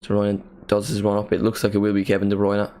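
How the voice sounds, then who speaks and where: Speaking quickly with a fairly low pitch, a man runs a live watchalong of a match. His commentary is laid-back play-by-play, peppered with jokes and bursts of excitement.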